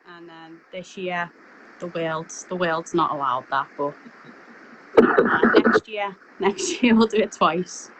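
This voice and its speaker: A woman talks over a video call as an old friend of the host, a little shy but chatty. The connection is choppy, and a clear hiss of noise sits under her voice. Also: lowish voice, slow pace. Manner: warm, slightly shy, chatty. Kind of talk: casual video call chat. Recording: noisy, choppy call line.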